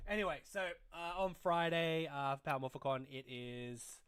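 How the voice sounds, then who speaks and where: A man's voice: fairly high pitch, moderate pace, a bit bright, clear, resonant tone. A young man hosting a casual toy livestream, rambling and swearing freely as he reads chat aloud. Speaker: livestream host.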